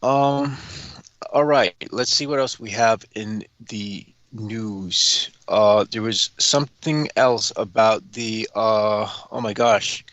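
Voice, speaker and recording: A man reads news items aloud, stopping to add crude, sarcastic remarks. His voice is bright and tense, and he hesitates with frequent fillers. The sound is dry and close. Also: fairly low pitch, slow, no echo. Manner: profane, sarcastic asides. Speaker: talk show cohost. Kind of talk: reading news with commentary.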